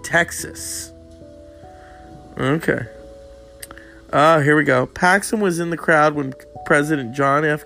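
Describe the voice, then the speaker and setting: Gravelly-voiced man rambling casually. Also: medium pitch, a bit bright. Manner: profane, reads aloud from web pages.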